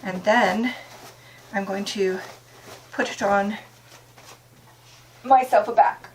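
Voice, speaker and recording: A woman's voice: medium pitch, slow pace, a little hiss or hum, poor audio. Chatty woman thinking aloud while crafting. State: out of breath at times. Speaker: DIY vlogger. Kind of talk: casual talk-through while working. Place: camper interior.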